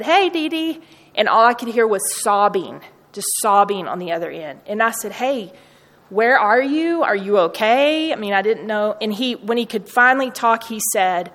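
A woman with a mid-range, slightly bright voice tells students personal stories from her university work, speaking earnestly. Long hall reverb colors the recording.

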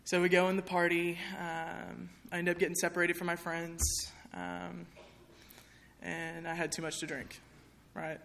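A woman's voice: fairly low pitch, animated, moderate pace, creaky, fairly bright tone, a little hiss or hum. A young woman speaking candidly to an audience in a chapel, sharing a personal testimony in a conversational way with many fillers.

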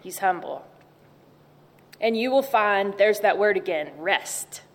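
Woman, chapel speaker; unhurried, soft, reflective delivery; echoey hall sound. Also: medium pitch, lively intonation. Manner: gentle, reflective, repeats key words. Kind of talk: devotional chapel talk.

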